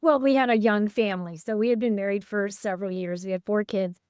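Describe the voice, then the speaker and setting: A woman's voice: medium pitch, fairly even intonation, fast talker, darkish tone, smooth, no echo, clean studio sound. A middle-aged woman hosting a podcast, talking with a guest and telling her own story in an earnest, reflective way. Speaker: podcast host. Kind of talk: conversational interview.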